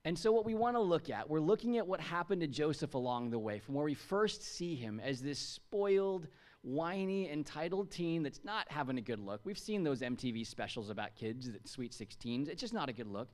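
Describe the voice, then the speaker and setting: In a church, an American man in his thirties preaches to his congregation in a chatty, joking style, throwing questions at them. His voice sits on the high side, animated and slightly mellow, at a moderate pace.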